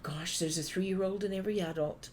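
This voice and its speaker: A Canadian woman giving a motivational conference talk, telling stories and acting out phone calls in an animated way. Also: fairly low pitch, brisk, a little hiss or hum. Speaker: conference speaker.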